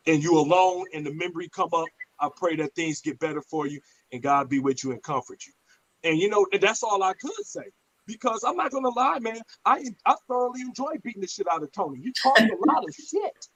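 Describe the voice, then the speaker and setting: A man's voice: on the high side, rough recording. A man, telling stories bluntly and profanely in a casual podcast chat. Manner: blunt, profane, animated storyteller.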